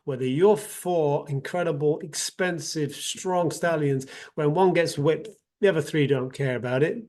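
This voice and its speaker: A man's voice: a little high, a little slow, darkish tone. A man giving an earnest motivational talk as a self-development practitioner, telling a parable with frequent restarts and repeated words.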